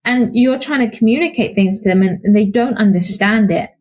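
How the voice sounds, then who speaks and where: A woman's voice: mid-range voice, fairly quick. A young woman co-hosting a podcast, speaking conversationally and animatedly, often acting out the voices of people in her stories. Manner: animated storytelling, acts out quoted voices. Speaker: podcast co-host, psychologist.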